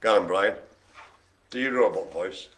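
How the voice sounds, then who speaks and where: A man's voice: low-pitched, a little slow, a crowd in the background. A man hosting a live bingo stream, teasing and cracking jokes. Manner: jokey, teasing banter. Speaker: bingo host.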